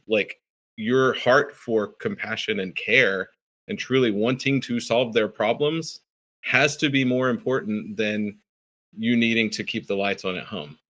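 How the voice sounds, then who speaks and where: A man's voice: on the low side, fairly bright tone. A man appearing as a podcast guest, a sales coach talking with enthusiasm and reflection. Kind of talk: casual interview chat.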